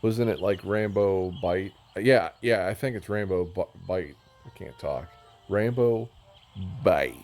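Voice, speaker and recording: A man's voice: low voice, a little slow, few pauses, a little mellow, soft background music. A man giving casual, rambling commentary while touring a game world, joking at himself and going off on tangents. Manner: rambling, self-mocking, easily sidetracked. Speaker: gamer touring a build.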